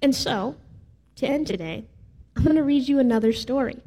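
A woman's voice: sits high, expressive, normal speed, dark tone. A woman preaching a sermon in a casual, playful way with some filler words. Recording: reverberant hall.

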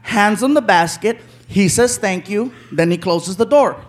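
A man doing stand-up comedy, telling a story with animated acted-out voices on a live stage. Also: sits high, unhurried. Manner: animated, acts out other characters' voices. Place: live comedy venue with audience. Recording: live stage recording with crowd noise.

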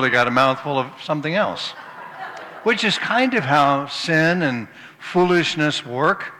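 Male preacher, folksy storyteller, bright forceful tone, reverberant room. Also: on the high side. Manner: folksy storytelling, tells jokes then turns to scripture. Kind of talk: sermon with jokes.

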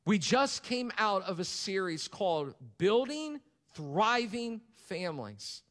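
A man's voice: sits high, big pitch swings, takes it slowly, a bit bright. A male pastor preaching a sermon to his congregation, asking for responses and repeating key lines for emphasis. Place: church hall. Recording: long reverb of a large hall.

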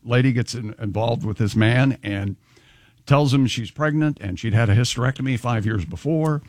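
A man's voice: mid-range voice, normal speed, a little mellow, no echo. A man chatting and cracking jokes as a talk-show co-host. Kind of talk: casual group banter.

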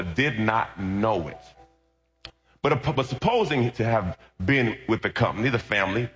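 A male pastor preaching a sermon, telling a humorous personal testimony and reading scripture, calling out to his congregation. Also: medium pitch. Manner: animated, humorous, calls out to the congregation. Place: church. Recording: roomy sound with loud music behind.

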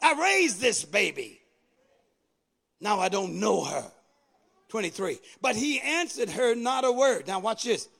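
Male preacher with a very high voice, fervent call-and-response delivery, swings up into shouted lines. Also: lively intonation, moderate pace, vocal fry. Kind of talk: sermon.

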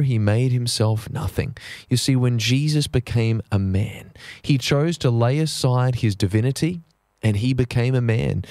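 A man preaching a sermon in an earnest, measured way, slowing down to stress key phrases. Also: medium pitch, a little mellow, no echo, clean studio sound. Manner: earnest, measured, slows down for emphasis.

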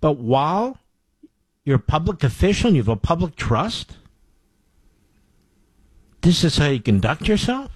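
A man's voice: a little high, big pitch swings, unhurried, pauses often, slightly rough, no room sound. A man hosting a political talk show, delivering an opinionated monologue with indignant, emphatic repetition. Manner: indignant, emphatic, repeats phrases for effect.

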